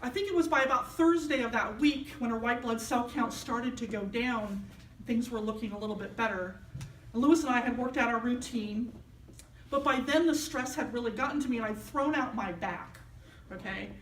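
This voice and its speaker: A woman minister with a fairly high voice preaches a sermon to her congregation. She tells a personal story and drops into the voices of the people in it. The sound comes from a distance in a roomy, echoing sanctuary with a faint hum behind her. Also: normal speed. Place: church sanctuary. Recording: echoey hall, mic at a distance.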